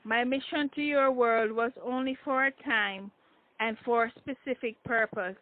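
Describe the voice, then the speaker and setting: A woman voicing a gentle, earnest man back from another world, speaking calmly and formally. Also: a little high, measured pace, natural voice. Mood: tender. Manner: calm, formal speech. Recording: tinny phone-like dry sound.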